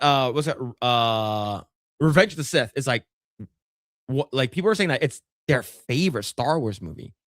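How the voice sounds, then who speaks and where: A man co-hosting a podcast in casual chat, swearing often and acting out scenes in squeaky put-on voices. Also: a bit bright, no room sound, studio quality. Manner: profane, laughing, acts out scenes in high voices. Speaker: podcast co-host.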